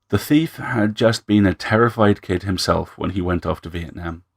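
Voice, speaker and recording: Male narrator, very low and gravelly, measured story reading. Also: no room sound, clean studio sound.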